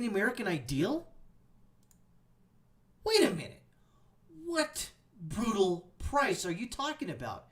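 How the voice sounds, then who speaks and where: A man's voice: high voice, huge pitch swings, measured pace, long pauses, recorded from a distance. Brief: male commentary host, sarcastic angry rant, sits back from the mic. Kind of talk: ranting commentary over read-out posts.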